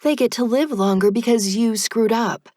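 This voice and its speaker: A bitter teenage girl, sharp and sarcastic, flaring into hysteria in a spoken storybook, as a woman acts her out. Her voice is raspy with a gravelly edge, and the recording is dry and close. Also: mid-range voice, expressive, moderate pace, no echo. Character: angry, grieving teenage girl.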